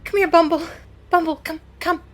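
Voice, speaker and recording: Woman doing a halting Grimlock monster. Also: extremely high pitch, fairly even intonation, pitched above the performer's own voice. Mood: coaxing. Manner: halting, broken speech. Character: hulking male Grimlock monster, simple and gruff.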